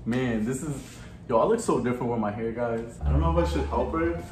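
A man's voice: mid-range voice, fairly quick, darkish tone, roomy sound, slight background noise. A man in his twenties from Chicago, vlogging in a chatty, emotional way straight to his viewers at home. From Chicago, USA. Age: 20s. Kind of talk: casual vlog talk to camera. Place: his home, indoor rooms.

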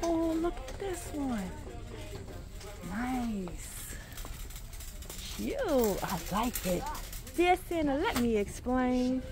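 Gushing woman with a lively voice. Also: sits high, extremely slow, long pauses. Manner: gushing, excitable, talks to viewers. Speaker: vlogger. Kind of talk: casual shopping vlog. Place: indoor home goods store.

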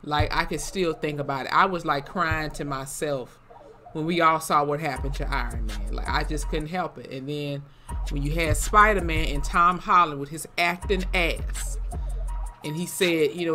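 Reaction vlog host, casual, slangy, profane, animated, crisp bright tone. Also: mid-range voice, normal speed, faint music behind.

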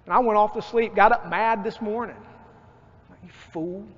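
A man preaching a sermon as pastor, lively and acting out his own outbursts. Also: sits high, moderate pace. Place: church sanctuary. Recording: dull church recording with long reverb.

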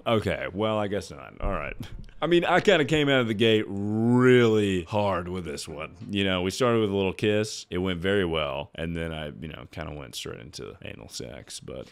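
A man's voice: deep voice, expressive, normal speed, clean tone. A young man streamer reading an AI chat aloud for laughs, with a playful, mocking delivery.

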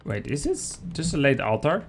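A man casting a strategy game match live, chatty and excitable, talking to viewers as guys. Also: fairly high pitch, moderate pace, faint music behind. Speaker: esports caster.

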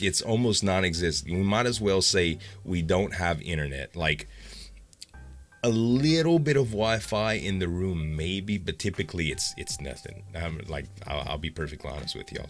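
A man's voice: low voice, a bit bright. A young man, vlogging casually to his viewers in a rambling, upbeat way with lots of fillers. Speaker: gaming YouTuber. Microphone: facecam.

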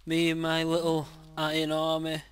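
A man casually commenting on his own gameplay, excitable and quick to swear loudly when frustrated, speaking into a desk mic. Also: on the high side, clear, resonant tone. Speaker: gaming channel host. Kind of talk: casual let's-play commentary.

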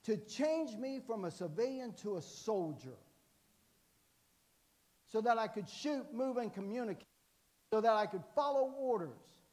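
A man's voice: high-pitched, lively intonation, a little slow, long pauses, a little mellow, long reverb tail. A man in his sixties, a guest preacher telling jokey, folksy stories in a sermon and often asking "amen". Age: 60s. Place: church sanctuary.

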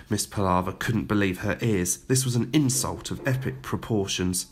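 A man reading a children's story aloud with expressive, dramatic narration. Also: lowish voice, normal speed, few pauses, breathy edge.

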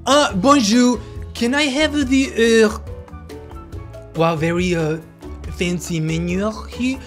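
Man doing an affected fancy diner, raised pitch, stumbling over the order. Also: takes it slowly, fairly bright tone, faint music behind. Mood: mock-posh. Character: mock-posh male diner ordering at fancy restaurant.

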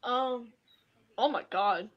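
A woman in casual chat, excitable yet hesitant, thinking out loud. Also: on the high side, takes it slowly, muffled recording. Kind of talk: casual chat, playful skits.

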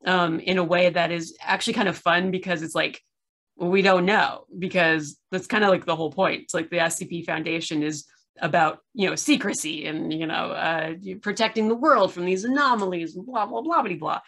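A woman's voice: lowish voice, fairly quick, a bit bright. A tired woman hosting a casual chat from her room at home, full of fillers and rambling asides, on a video call. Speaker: podcast host. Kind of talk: casual discussion.

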